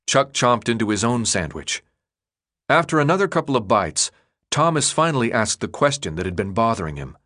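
A man narrating an audiobook in an expressive, dramatic storytelling manner. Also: mid-range voice, normal speed. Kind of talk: scripted narration.

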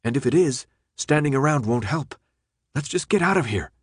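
A man's voice: mid-range voice, animated, normal speed, breathy edge, no room sound, studio quality, pitched above the performer's own voice. A man voicing a decisive young woman who speaks firmly and plainly in an audiobook.

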